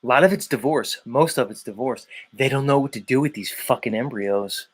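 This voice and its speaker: A man's voice: mid-range voice, fairly quick, breathy edge. A man hosting a livestream, ranting emphatically and swearing often. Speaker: livestream host. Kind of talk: profane rant.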